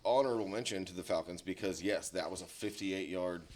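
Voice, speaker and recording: A man's voice: low voice, brisk, a little mellow. A man co-hosting a casual sports podcast, cracking dry jokes. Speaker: podcast co-host.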